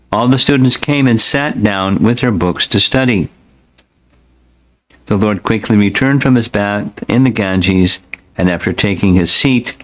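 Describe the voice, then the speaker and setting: A man who is a spiritual teacher, reading scripture aloud in a slow, deliberate, devotional way. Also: fairly low pitch, a bit bright, low-quality recording.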